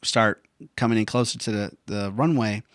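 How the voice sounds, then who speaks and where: A man's voice: on the low side, steady tone, normal speed, dry recording. Slangy man telling a story, dry sound. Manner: slangy and profane, says bro and man. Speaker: veteran vlogger. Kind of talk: casual storytelling monologue.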